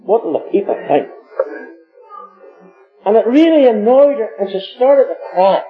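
Lay preacher, folksy storyteller, roomy hall echo, thin phone-like sound. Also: male voice, expressive, moderate pace, soft background music. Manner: folksy storytelling, swings between low murmurs and high exclaiming. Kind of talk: sermon with storytelling. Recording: echoey, phone-like old recording.

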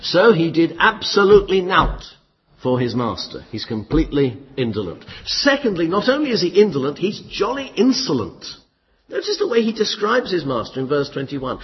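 A man preaching a sermon in an emphatic, lively style with flashes of dry humour. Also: a little high, brisk, husky. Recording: muffled, echoey hall.

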